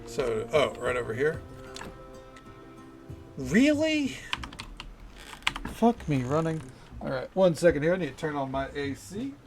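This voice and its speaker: A man's voice: on the high side, a little fast, gravelly, darkish tone, faint music behind. A man, chatting casually and rambling while he streams a game. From American South. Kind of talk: casual livestream commentary.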